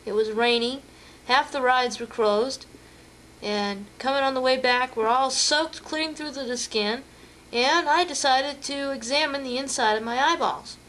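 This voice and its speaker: A woman with a slightly high voice narrates her family's vacation photos, chatty and full of little fillers and restarts. A faint hiss runs beneath the recording. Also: a little slow, fairly bright tone. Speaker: home video narrator.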